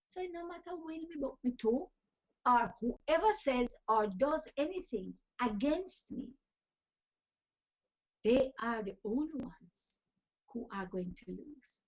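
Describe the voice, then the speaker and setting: A woman's voice: high-pitched, expressive, measured pace, breathy edge. A woman giving an emphatic, preachy motivational talk full of scripture phrases. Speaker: talk show host and life coach. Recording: dull lo-fi recording.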